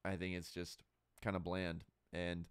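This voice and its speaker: Casual podcast guy, deep smooth voice, talks in loose rambly takes. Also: monotone, unhurried, dry recording, studio quality. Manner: candid, rambling, with many fillers and restarts. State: burping and hiccuping. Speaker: podcast host. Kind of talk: casual opinion monologue.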